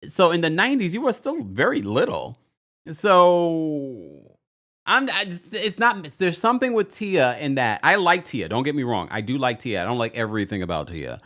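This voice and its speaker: A man's voice: fairly high pitch, big pitch swings, normal speed, a bit bright. A man in his forties hosting a podcast, chatting casually through a reality TV recap and reading out listener comments. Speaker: podcast host.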